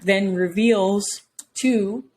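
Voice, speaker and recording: A woman co-hosting a casual movie review podcast, animated and laughing, acting out quotes from the film. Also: drawn-out words, a little hiss or hum. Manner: animated, laughing, acts out quotes in high voices. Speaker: podcast co-host.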